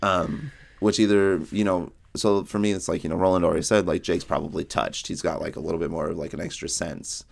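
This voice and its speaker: A man co-hosting a podcast, talking through a book in casual chat and rambling through retold scenes with quick quotes from the characters. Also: low-pitched, level tone, creaky. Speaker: podcast co-host.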